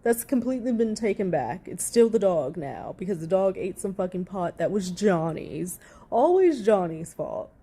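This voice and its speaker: A woman's voice: medium pitch, normal speed, few pauses, mellow, husky. A woman giving heated, profanity-laced reaction commentary, sarcastic and indignant as she rants to her viewers.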